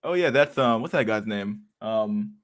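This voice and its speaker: A man's voice: lowish voice, animated, measured pace. A man hosting a livestream, chatting casually with viewers in a rambling, profane way, laughing often with mock outrage. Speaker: livestream host. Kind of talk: casual chat with live viewers.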